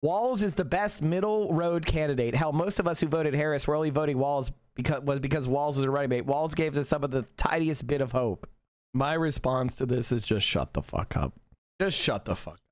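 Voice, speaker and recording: A man's voice: a little high, brisk, dry recording, studio quality. A man hosting a livestream, ranting with heated sarcasm and lots of profanity. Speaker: livestream host. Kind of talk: ranting live commentary.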